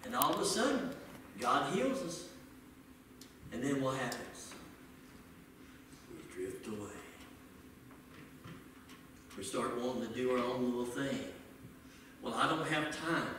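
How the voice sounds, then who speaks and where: A male pastor preaching a folksy sermon, swinging between loud shouted lines and low asides. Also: expressive, slow pace, pauses often, slight background noise. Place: church sanctuary. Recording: echoey church hall, distant mic.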